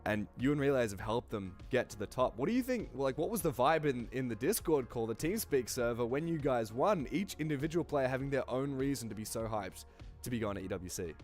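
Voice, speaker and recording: A man's voice: mid-range voice, animated, a little fast, darkish tone, soft background music. A man co-hosting a live esports broadcast, chatty and laughing easily, a bit under the weather. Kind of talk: live esports desk talk and interviewing.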